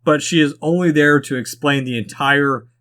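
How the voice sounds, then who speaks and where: A man's voice: a little high, moderate pace, fairly bright tone. A man co-hosting a podcast, chatting casually about a movie in a dry, offhand way. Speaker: podcast co-host. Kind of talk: casual movie review chat.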